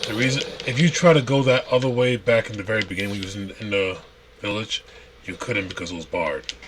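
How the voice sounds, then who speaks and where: A low-voiced man talks through a game as he plays, relaxed and explaining each step. Steady background noise hangs under his voice on the stream recording. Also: fast. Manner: relaxed, explains while playing, with restarts. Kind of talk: casual gameplay walkthrough. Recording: noisy stream audio.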